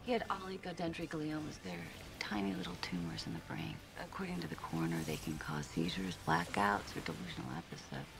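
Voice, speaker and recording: Brisk TV investigator, low gravelly voice, lively pitch, clear music under the drama audio. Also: female voice, full character voice. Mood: matter-of-fact. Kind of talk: TV drama dialogue.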